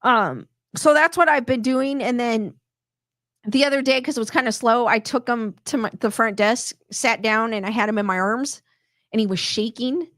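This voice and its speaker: Middle-aged lady chatting on a stream, rambly, keeps restarting, bit high pitched. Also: moderate pace, fairly bright tone, dry recording, clean studio sound. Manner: reads viewer comments aloud. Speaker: host reading chat comments. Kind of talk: casual live-stream chat.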